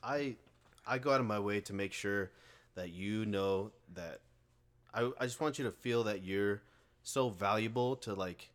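A young man hosting a podcast, talking earnestly and warmly in casual chat, often repeating words as he gathers his thoughts. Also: on the low side, unhurried. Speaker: podcast host.

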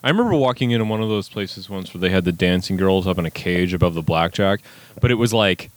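A man's voice: low voice, fast talker. A man co-hosting a casual podcast, wry and dry in his humor. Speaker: podcast co-host. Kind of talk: casual chat.

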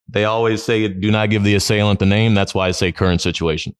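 A middle-aged man, a podcast guest, telling stories in a lively way, laughing often and acting out his friends' lines. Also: on the low side, brisk, clean tone, no echo, clean studio sound. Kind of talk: storytelling in a podcast interview.

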